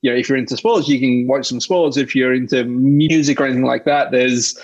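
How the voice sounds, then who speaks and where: A middle-aged man, a guest chatting in a relaxed, rambling way with small restarts. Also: medium pitch, brisk, lo-fi sound. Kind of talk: casual conversation.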